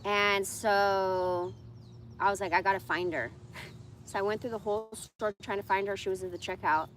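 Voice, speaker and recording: A woman's voice: medium pitch, fairly even intonation, moderate pace, fairly bright tone, slight background noise. Blunt, foul-mouthed woman in her forties ranting. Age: 40s. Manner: profane, venting, blunt. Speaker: livestreamer. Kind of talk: casual ranting monologue.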